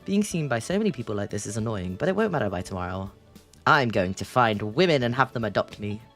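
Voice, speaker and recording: Chatty, giggly streamer with a mid pitch and lively swings, faint music behind. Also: fast. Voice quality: giggly, chatty, laughs often. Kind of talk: reading a text game aloud and chatting.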